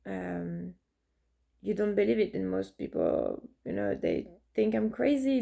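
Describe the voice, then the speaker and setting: This artist and vlogger, a woman in her thirties, tells personal stories in a casual monologue, full of fillers and restarts. Her mid-range voice is creaky and dark, swooping wildly in pitch, and she speaks slowly.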